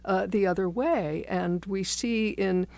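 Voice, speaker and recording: A woman's voice: mid-range voice, measured pace, darkish tone. A woman philosophy professor, a guest on a radio talk show, explaining ideas in a reflective, wry, digressive way. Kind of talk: thoughtful conversational explanation.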